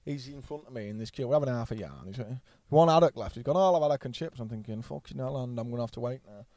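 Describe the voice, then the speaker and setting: A man's voice: mid-range voice, lively intonation, racing, a little mellow, no room sound. A man, a podcast guest telling rambling anecdotes bluntly and swearing freely. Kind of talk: casual storytelling chat.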